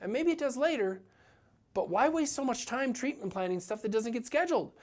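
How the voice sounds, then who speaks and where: A man's voice: very high-pitched, lively intonation, fairly quick. Earnest man coaching business owners. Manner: earnest, coaching, acts out clients' voices. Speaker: dental practice coach. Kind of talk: motivational business talk.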